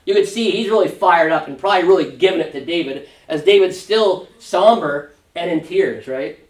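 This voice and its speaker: A man's voice: high-pitched, normal speed. Man teaching a church Bible class. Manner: conversational, fond of tag question "right?"; animated when paraphrasing scripture figures. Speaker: pastor. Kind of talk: Sunday school Bible study teaching. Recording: roomy church room, mic at a distance.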